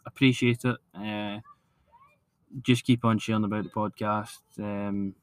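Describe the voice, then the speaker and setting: A Scottish man with a lowish voice keeps the casual football chat moving, calm and agreeable next to his co-host. His voice is recorded close and dry. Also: unhurried, smooth, no echo. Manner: calmer, agreeable, steers the talk and wraps up. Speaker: podcast co-host.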